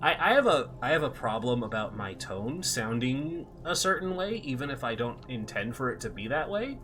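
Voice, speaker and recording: Bright, curt-sounding man telling stories. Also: medium pitch, sing-song, normal speed. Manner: voice that sounds curt, short and sarcastic; barking, drill-sergeant edge. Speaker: airport security officer telling a work story. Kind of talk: casual chat among players.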